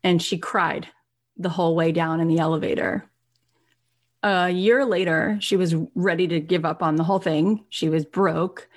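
Woman telling a motivational story, kinda low voice, gets really animated. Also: normal speed. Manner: animated retelling with acted quotes, rising intensity. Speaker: motivational speaker. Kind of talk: inspirational storytelling.

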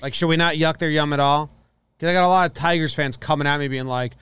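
A man co-hosting a sports podcast, chatting casually and trailing off softly. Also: fairly high pitch, normal speed, clear, resonant tone, no room sound. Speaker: podcast co-host.

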